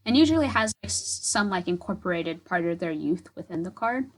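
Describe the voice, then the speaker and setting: A woman's voice: on the low side, expressive, brisk, low-quality recording. A young woman co-hosting a podcast, gushing in a rambling casual chat full of fillers. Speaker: podcast co-host.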